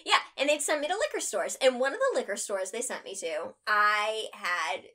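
A woman co-hosting a podcast, joking and telling stories in a playful, animated, casual way. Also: fairly high pitch, normal speed. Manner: animated, jokey, playful asides. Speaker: podcast co-host. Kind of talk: casual chat.

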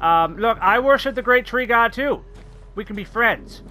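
A man giving loud, excitable gameplay commentary, shouting, joking and swearing as he plays. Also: very high-pitched, normal speed, a little hiss or hum. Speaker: let's play gamer. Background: loud game music.

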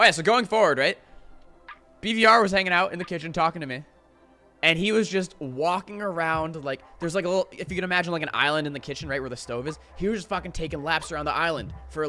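A young man in his twenties rambling casually to his live-stream chat, animated and full of "like" and swearing. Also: sits high.

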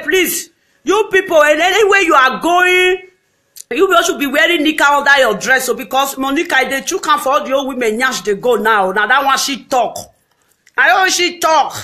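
Bright-voiced Nigerian woman ranting. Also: high-pitched. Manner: loud, scolding, dramatic outbursts. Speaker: live video host. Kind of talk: ranting live video monologue.

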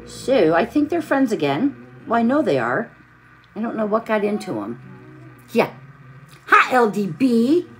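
Speaking a little slowly with long pauses, this weary streamer has a fairly high voice that swings widely in pitch. Faint music plays as she crafts, chats casually, and welcomes viewers by name with pet names.

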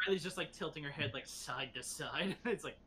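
A man's voice: fairly high pitch, a little fast, pushed and bright, breathy edge. A man playing a tabletop game who chatters in a loose, rambling way. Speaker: player. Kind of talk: casual tabletop play.

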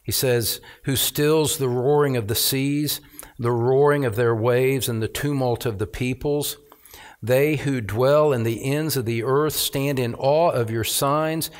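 A man's voice: medium pitch, fairly even intonation. A middle-aged man preaching a sermon, reading scripture aloud and stressing key words with rising emphasis as a pastor. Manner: reads scripture aloud, slowing on phrases.

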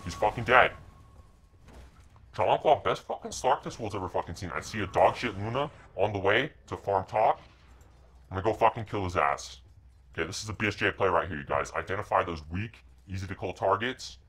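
A young man streaming a game, cursing and yelling orders at his teammates, then muttering asides to his viewers. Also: low-pitched, fairly quick. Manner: profane, shouting orders at teammates. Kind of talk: live gameplay commentary.

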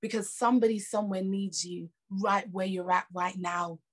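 A woman's voice: mid-range voice, fairly even intonation, normal speed. A woman with a British accent preaching a sermon, emphatic and conversational, repeating her points with rising intensity. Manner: conversational asides and laughs.

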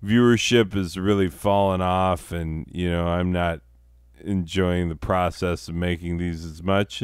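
Low, slow-talking profane male host. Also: clean tone, dry recording, studio quality. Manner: crude, profane, deadpan rambling. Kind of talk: rambling comedic monologue.

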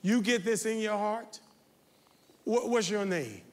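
A man preaching a sermon as pastor, talking straight to his congregation and building to shouted, confrontational calls. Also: sits high, a little slow. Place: large church sanctuary. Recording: reverberant church sanctuary.

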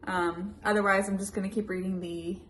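A young woman and mother chatting casually in a home vlog and reading a children's picture book aloud with lively sound effects. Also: medium pitch, brisk, a little hiss or hum. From United States. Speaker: vlogger, mother.

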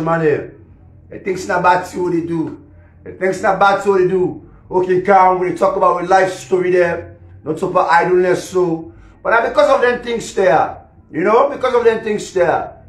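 A man with a Sierra Leonean Krio accent, ranting casually on a live stream, rambling and repeating himself, laughing between lines. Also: high-pitched. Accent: Sierra Leonean Krio English. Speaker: musician and social media personality. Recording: echoey room.

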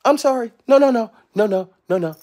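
A man hosting a live stream, ranting profanely in a loose, rambling way, laughing often and shouting out viewers in the chat, his voice going hoarse. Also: extremely high pitch, animated, fairly quick, very noisy. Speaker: livestream comedian host.

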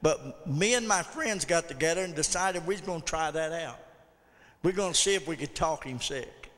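Folksy pastor in echoing church. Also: male voice, on the high side, animated, moderate pace, fairly bright tone. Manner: folksy storytelling with audience call-outs. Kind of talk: sermon. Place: church sanctuary. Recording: long church hall reverb.

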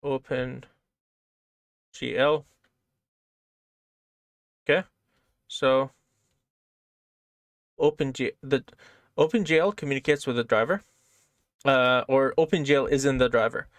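Speaking slowly with frequent pauses, a man with a medium-pitched voice teaches coding over screen share. His style is casual and step by step, with repeated "right?" check-ins, and the recording is dry.

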